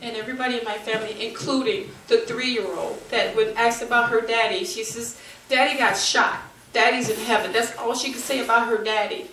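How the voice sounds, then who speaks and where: Middle-aged woman, public testimony, earnest, halting, roomy echo, faint hiss. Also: a little high, steady tone. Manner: earnest, halting, turning forceful. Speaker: bereaved mother speaking at a forum. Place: community meeting room. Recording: echoey room, from far off, faint noise.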